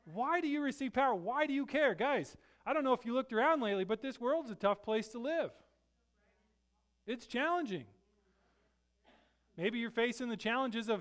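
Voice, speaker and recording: A middle-aged pastor preaches with an easygoing, chatty manner, leaning on rhetorical "right?" asides. His voice sits notably high for a man. Every so often he pushes into loud, emphatic bursts. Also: animated, moderate pace, pauses often. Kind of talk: sermon.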